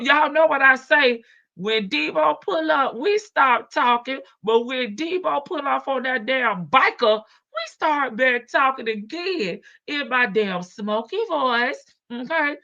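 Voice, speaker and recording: A woman's voice: high voice, animated, slow, sharp tone, no room sound. A woman hosting a casual live stream, talking in a sassy, brash way, swearing freely and laughing often. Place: home in Las Vegas. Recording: dull lo-fi stream audio.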